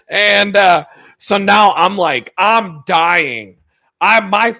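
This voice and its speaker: A man hosting his own video, telling a rambling, profane story with lots of laughter and sudden loud stretches. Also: high-pitched. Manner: profane, laughs a lot, gets loud retelling stories. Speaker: video host.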